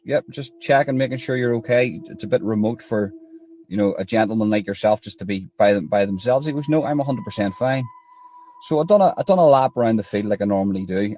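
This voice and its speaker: A man tells a story in a loose, rambling way, stopping and restarting and acting out both sides of a conversation. His voice sits fairly low, and a faint ambient hum runs under it. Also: dark tone. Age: 30s. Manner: rambling, with restarts and quoted dialogue. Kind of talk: casual storytelling.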